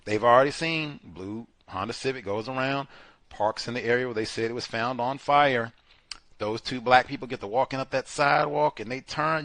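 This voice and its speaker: A man's voice: mid-range voice, moderate pace, no echo. A man hosting a casual commentary show, talking animatedly and acting out what others said with exclamations. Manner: animated, acts out quoted speech with exclamations. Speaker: podcast host.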